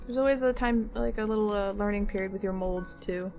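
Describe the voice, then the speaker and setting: A woman's voice: mid-range voice, brisk, darkish tone, faint music behind. A woman chatting casually on a livestream while she works on crafts, rambling and laughing at herself. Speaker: streamer and craft artist.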